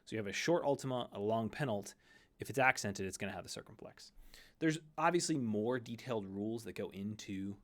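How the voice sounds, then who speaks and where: Casual lecturing man, slightly low voice. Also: lively intonation, a little fast. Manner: conversational, frequent self-corrections and fillers. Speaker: seminary Greek instructor. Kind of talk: recorded lecture.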